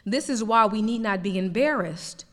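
A woman preacher delivering a lively, emphatic sermon. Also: medium pitch, moderate pace, in a large hall. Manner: animated preaching with rising emphatic peaks.

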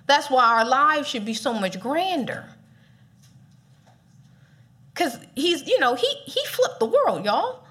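Animated woman preaching a casual sermon. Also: sits high, slow pace, long pauses. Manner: animated, playful, laughs often.

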